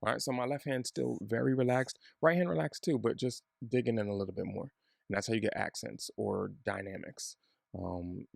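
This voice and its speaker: A man giving a relaxed, chatty bass lesson, joking at his own expense. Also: creaky, slightly rough, no echo, clean studio sound. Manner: relaxed, chatty, self-deprecating. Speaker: bass teacher.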